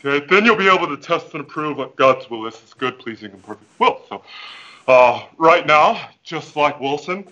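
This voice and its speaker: Through headphones with a mic, a fitness guest in a comic video-call interview plays a goofy, preachy, overconfident coach full of hammy motivational patter. His slightly high voice is expressive and sharp at normal speed, and the lo-fi recording pushes it down.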